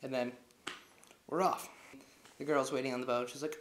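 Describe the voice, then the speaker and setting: A man's voice: medium pitch, fairly even intonation, moderate pace, pauses often. Young male reviewer retelling a plot casually and loosely, recorded in an echoey room. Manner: rambling, heavy on filler words. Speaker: movie reviewer. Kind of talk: casual movie recap.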